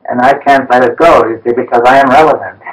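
A man reasoning aloud in a philosophical dialogue, halting and searching, with many restarts and a steady "you see". His voice sits at an ordinary pitch for a man. The mic is some way off, so he sounds distant. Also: slight background noise.

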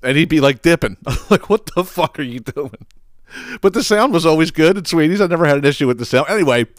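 In a slightly high voice, this middle-aged man from southeastern Pennsylvania races expressively through a casual solo podcast rant. His stories ramble and are laced with profanity, frequent laughter, and exasperation. The recording is dry and studio-clean.

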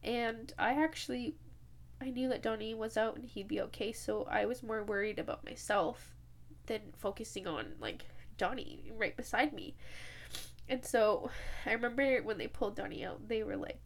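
A woman's voice: a little high, moderate pace, gravelly. Young woman telling a personal story. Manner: emotional, tells it with quoted dialogue and filler words. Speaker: podcast host.

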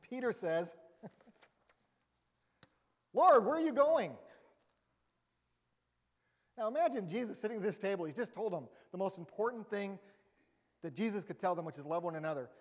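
Humorous pastor with a raised voice. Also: male voice, high-pitched, normal speed, long pauses, darkish tone, long reverb tail. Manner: conversational, humorous, rising emphatic bursts. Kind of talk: sermon.

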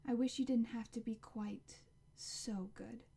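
A woman voicing a tired, gentle mother who is ill and still jokes softly with her son. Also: a little high, steady tone, a little slow, gravelly, husky, full character voice.

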